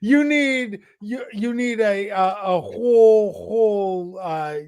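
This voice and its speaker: A man's voice: high-pitched, slow pace, mellow, clear, resonant tone, dry recording. A man chatting casually as a livestream guest, making teasing, joking asides. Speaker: co-host guest. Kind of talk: casual chat.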